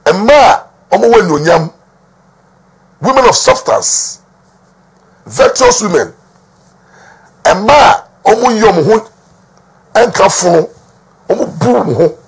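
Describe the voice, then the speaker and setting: Gravelly Ghanaian man giving emphatic commentary. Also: high voice, animated, slow pace, long pauses, slight background noise. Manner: emphatic, repeats words, switches between Twi and English. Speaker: entertainment news commentator. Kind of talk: talking-to-camera gossip commentary.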